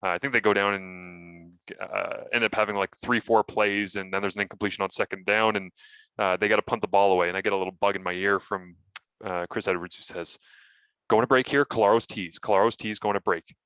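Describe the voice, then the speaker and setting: A man co-hosting a casual sports podcast, telling animated stories and acting out his own broadcast lines. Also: low-pitched, a little fast, clean tone, no room sound. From Canada.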